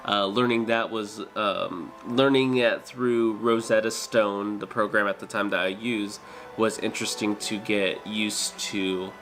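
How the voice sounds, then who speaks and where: A man's voice: lowish voice, fairly even intonation, unhurried, fairly bright tone, faint music behind. A man chatting casually with his stream viewers, hesitant and full of fillers and restarts. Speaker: streamer and dental worker.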